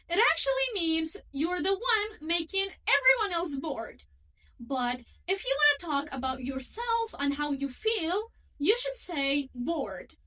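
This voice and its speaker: High, lively woman teaching English slowly. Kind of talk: scripted grammar lesson.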